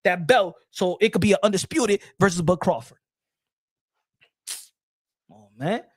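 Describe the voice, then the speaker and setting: A man's voice: high voice, a little slow, dry recording, studio quality. A man, ranting as a profane, mocking boxing commentator.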